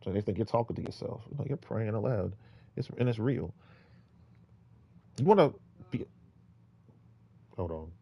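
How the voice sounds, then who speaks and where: A man giving casual, rambling street-preaching advice, exhorting listeners with many restarts, swinging between loud emphatic bursts and low mutters. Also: animated, moderate pace, creaky, long pauses.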